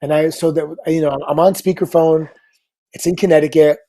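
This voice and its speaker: A middle-aged man, a guest on a talk show, telling a story in an upbeat, casual way with quick asides. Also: fairly high pitch. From Canada. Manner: lively anecdote teller, upbeat, quick asides.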